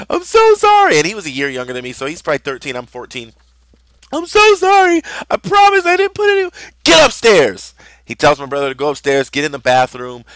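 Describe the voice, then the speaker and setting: A man's voice: medium pitch, fairly bright tone, dry recording. A young man telling a personal story in a rambling, conversational way, with lots of fillers. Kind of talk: casual storytelling vlog.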